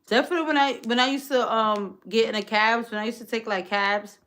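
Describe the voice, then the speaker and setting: A young woman from the Bronx, chatting casually and telling a story in a lively, drawn-out way. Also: a little high. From the Bronx, New York. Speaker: vlogger.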